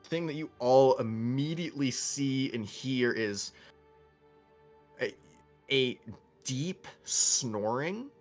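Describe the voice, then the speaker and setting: A man narrating a tabletop game as game master, telling the scene vividly with laughs and swearing. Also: mid-range voice.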